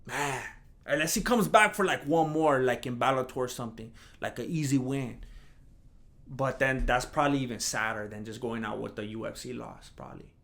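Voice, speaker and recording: A man hosting a casual solo podcast, rambling and animated, who mocks imagined critics in a higher voice. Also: moderate pace, gravelly. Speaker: podcast host.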